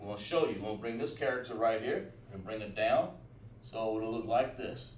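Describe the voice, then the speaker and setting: A man's voice: lowish voice, animated, a little fast, a little mellow, slight background noise. A man teaching a livestreamed lesson, talking while he writes on a board, with many fillers and restarts. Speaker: Hebrew teacher. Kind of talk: livestream class. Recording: roomy echo, mic at a distance.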